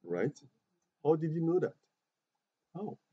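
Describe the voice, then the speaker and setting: Patient male teacher, dark husky voice. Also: fairly high pitch, very animated, slow pace, no room sound. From Côte d'Ivoire. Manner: patient, repeats words, asks the class questions. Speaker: English teacher. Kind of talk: classroom teaching. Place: classroom. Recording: muffled lo-fi classroom recording.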